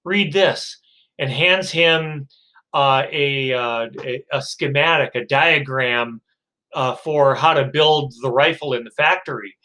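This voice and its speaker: A man's voice: medium pitch, a little slow, bright, forceful tone, rough recording. A male lecturer telling a story to his class, acting out the characters in quotes, with frequent fillers and restarts. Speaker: psychology lecturer.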